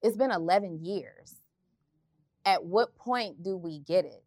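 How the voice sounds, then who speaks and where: A woman's voice: lowish voice, unhurried, a little mellow, no room sound. A woman on a discussion panel, asking direct, teasing questions.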